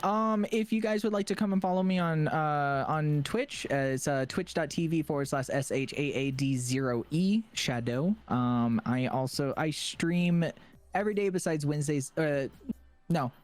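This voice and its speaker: A young man, a streamer guest in a casual interview, talking in a halting way with many fillers and restarts. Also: a little high, dry recording.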